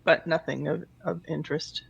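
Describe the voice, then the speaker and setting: A man's voice: fairly high pitch, flat delivery, normal speed, gravelly, husky. A man playing in a tabletop game, asking curious questions about the scene. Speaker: player.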